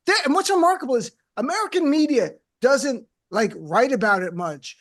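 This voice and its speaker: Brief: male talk-radio host, high voice, playful and teasing. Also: moderate pace. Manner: animated, teasing, acts out quotes. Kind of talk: comedic panel chat. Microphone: studio mic.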